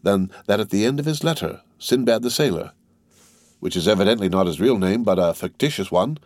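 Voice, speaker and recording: An emotional young woman speaks eagerly, full of earnest gratitude, voiced by a man raising his pitch. The reading is dry and close to the mic. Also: expressive, fairly quick, darkish tone, dry recording. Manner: eager, pleading, heartfelt. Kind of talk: audiobook character reading.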